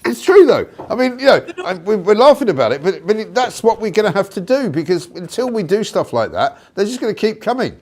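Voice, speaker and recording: A man's voice: sing-song, brisk, few pauses. A man hosting an opinionated talk show, talking in an emphatic, indignant way. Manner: emphatic and indignant, pitch swinging up when riled.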